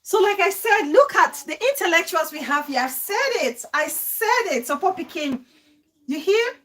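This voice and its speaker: A woman hosting a live talk show, effusive and quick to affirm, thanking callers and chatting with her viewers. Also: very high-pitched, sing-song, fairly bright tone. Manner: effusive, frequent affirmations, laughs often. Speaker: host. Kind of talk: casual live-show chat.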